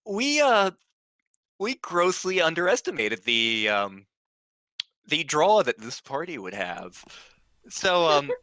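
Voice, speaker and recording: A man's voice: a little high, sing-song, bright, forceful tone, no echo. A man telling a casual story, full of ums and restarts and acting out what people said. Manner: halting, full of ums and restarts, acts out quoted lines.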